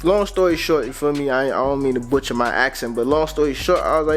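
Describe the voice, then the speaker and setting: A young man with a Grenadian Caribbean accent and a slightly high voice, recounting a story in loose, laid-back slang and asking "you feel me" often. Faint music plays under his voice. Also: fast, hardly any pauses. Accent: Grenadian Caribbean, mixed with American slang. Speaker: vlogger. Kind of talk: casual storytime.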